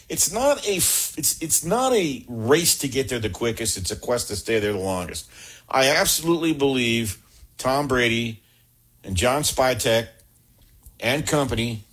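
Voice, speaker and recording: A man's voice: medium pitch, a bit bright, breathy edge. A middle-aged man giving an opinionated sports talk monologue, blunt and sarcastic with emphatic asides. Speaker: sports commentator.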